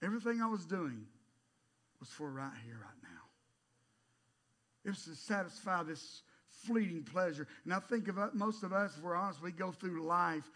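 Delivering a sermon, this middle-aged pastor speaks in a high-pitched voice, fairly quickly and with hardly any pauses. He's animated throughout, swinging from loud emphatic bursts to quiet asides.

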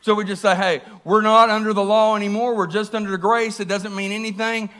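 In a church, a man preaches a lively sermon, briskly and animatedly, often turning to ask the congregation questions. His high voice carries a bright, forward ring.

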